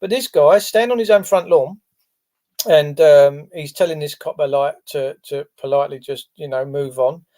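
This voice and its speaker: Mellow-voiced man rambling on a livestream. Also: fairly high pitch, normal speed. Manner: rambling, chatty, lots of fillers. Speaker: livestream host. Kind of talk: casual live-stream chat.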